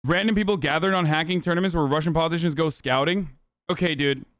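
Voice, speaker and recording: A man's voice: on the high side, fast talker, a bit bright, no room sound, clean studio sound. Blunt, profane streaming host man. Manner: blunt, profane, rambling with fillers. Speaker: livestream host. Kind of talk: casual political commentary.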